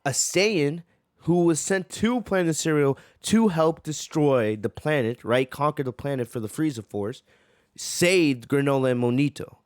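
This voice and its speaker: A man hosts a manga reaction, talking eagerly and repeatedly checking in with "right?" His voice sits on the high side with lively intonation and a measured pace. The studio-quality recording has no echo.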